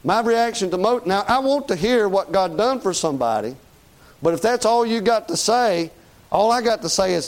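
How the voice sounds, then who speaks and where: A man's voice: high-pitched, animated, normal speed. A man preaching a sermon in a folksy, conversational way, often asking "Amen?".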